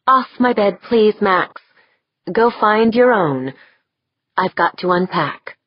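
A woman's voice: mid-range voice, expressive, slow pace, no echo, highs cut off, pitched above the performer's own voice. A woman reading a polite, firm young woman. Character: young woman newly arrived on a station.

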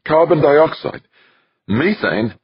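Guy doing a high indignant scheming lady, husky, lo-fi audiobook. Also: sing-song, measured pace, no echo, full character voice. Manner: shrill, indignant outbursts. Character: furious scheming older woman council member. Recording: dull lo-fi dry recording.

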